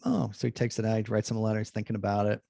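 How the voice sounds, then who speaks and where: A man, a Jesuit priest, telling an animated anecdote in a chatty way, full of fillers and restarts, acting out the dialogue. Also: on the low side, rapid-fire, vocal fry, no room sound, studio quality. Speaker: Jesuit priest, guest speaker.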